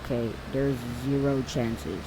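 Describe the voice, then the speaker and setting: A man playing a video game and commenting on it, excitable and frantic, often shouting out in bursts and talking to himself in casual slang. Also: mid-range voice, unhurried, noisy background. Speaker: gaming video creator.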